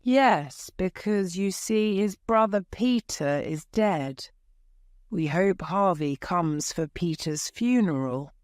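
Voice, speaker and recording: A woman's voice: on the low side, lively intonation, takes it slowly, a little mellow, no echo, studio quality. A woman doing an earnest young man. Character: earnest young man telling family news.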